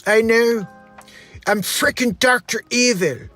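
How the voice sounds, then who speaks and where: A man's voice: extremely high pitch, slow, bright, forceful tone, soft background music, pitched above the performer's own voice, exaggerated voice. A man voicing a pompous, scheming male supervillain in a comedy impression. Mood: smug.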